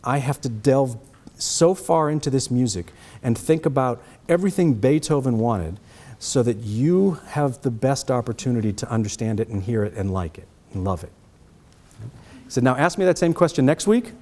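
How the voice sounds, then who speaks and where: A man's voice: medium pitch, normal speed, warm tone. A middle-aged man with a Boston accent giving a trumpet master class, answering students' questions and checking in with "okay?".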